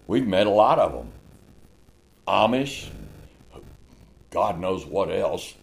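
A man preaching a sermon, swinging from shouted lines to hushed ones and laughing often. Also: deep voice, sing-song, slow, creaky.

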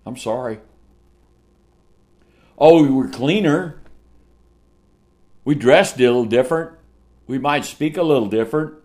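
A man preaching a sermon, swinging from shouted lines to hushed ones and laughing often. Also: mid-range voice, measured pace, pauses often.

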